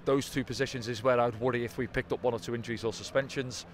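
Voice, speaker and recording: A man talks football at a quick clip, breaking down a match casually and tossing in little tag questions. His pitch sits mid-range. Faint traffic noise hums behind him outdoors. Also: steady tone. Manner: conversational, tag questions like "didn't they?". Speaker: football pundit. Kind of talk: post-match analysis chat.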